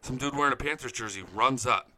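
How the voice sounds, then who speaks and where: A young man hosting a casual live-stream fan chat, excitable and profane, reading viewer comments aloud. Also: mid-range voice, quick pace, slight background noise. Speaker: fan show host.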